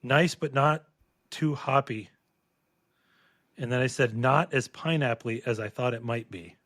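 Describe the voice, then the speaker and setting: A man co-hosting a casual beer-tasting podcast, talking in a relaxed, rambling way with fillers and restarts. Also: medium pitch, a little slow, no echo, studio quality. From Minnesota. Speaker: podcast co-host. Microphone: podcast microphone.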